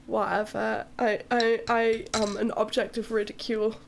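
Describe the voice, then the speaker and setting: A woman's voice: fairly high pitch, little pitch movement, normal speed, vocal fry, slight background noise. A young Welsh woman streaming live, chatting casually with her viewers in a playful, teasing way and swearing freely. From Wales.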